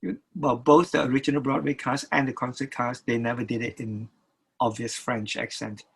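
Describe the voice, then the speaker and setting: A man's voice: mid-range voice, fairly even intonation, gravelly, slightly rough, poor audio. An older man, a record producer, talking as an interview guest, stopping and restarting his sentences often. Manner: halting, many restarts and repeated words.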